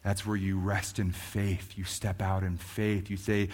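A man preaching a sermon as a pastor, moving from quiet reflection to loud, fervent emphasis. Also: deep voice, little pitch movement, a little slow.

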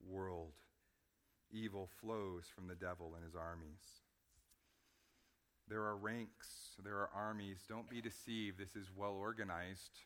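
A pastor delivers a sermon, shifting between quiet, low passages and loud, forceful points. He often repeats words to drive them home.

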